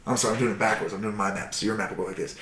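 A man's voice: fairly low pitch, racing. A man casually retelling history, swearing freely and acting out the people in it. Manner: profane, animated, acts out shouts and quotes. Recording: roomy echo.

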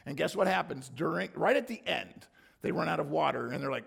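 A man preaching a sermon with a hoarse voice, reading scripture and acting out the people's complaints in sudden loud, high bursts. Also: expressive, fairly quick. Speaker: pastor.

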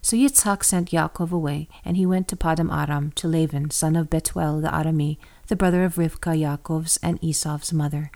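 A woman reading scripture aloud as scripted narration, steady and even. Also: sits low, brisk, hardly any pauses. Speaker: scripture reader.

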